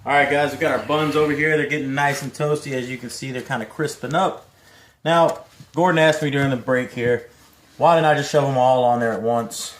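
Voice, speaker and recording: A man's voice: mid-range voice, fairly even intonation, brisk, slight background noise. A man hosting a casual cooking demonstration in his home kitchen, talking in a laid-back, chatty way with folksy asides. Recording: roomy kitchen with music behind.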